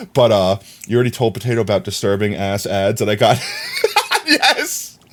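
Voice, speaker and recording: Animated young man telling stories. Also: mid-range voice. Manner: animated storyteller, often laughing. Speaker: livestreamer. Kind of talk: casual livestream chat.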